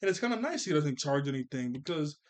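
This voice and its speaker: A man's voice: on the high side, very animated, fast. A man reviewing a cartoon episode in a casual, rambling way, laughing often and checking that listeners follow him. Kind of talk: casual commentary.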